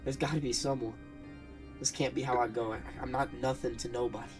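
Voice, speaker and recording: A man's voice: medium pitch, steady tone, brisk, music in the background, voice pushed up, natural voice. A man voicing a frightened lost soul calling out in a pleading, panicked way. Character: frightened lost man's soul, desperate and alone.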